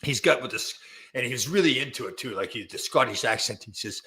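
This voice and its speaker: A man with a bright, forceful voice chats casually as a show host. He rambles through his stories, stopping and restarting mid-sentence. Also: medium pitch. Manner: rambling, halting storyteller with many restarts. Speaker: podcast host. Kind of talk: casual chat.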